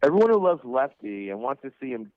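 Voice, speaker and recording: A man's voice: mid-range voice, very animated, fast, no echo, narrow, tinny audio. A man co-hosting a casual radio chat, teasing with crude jokes. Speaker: co-host.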